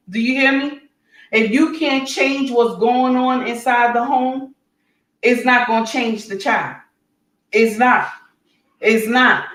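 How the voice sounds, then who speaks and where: A woman's voice: on the high side, distant mic. Woman, livestream host; blunt and preachy, set off from the mic. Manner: preachy, blunt, scolding, raises voice to shouting. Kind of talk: impassioned livestream rant, then reading chat. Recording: roomy sound, voice away from the mic.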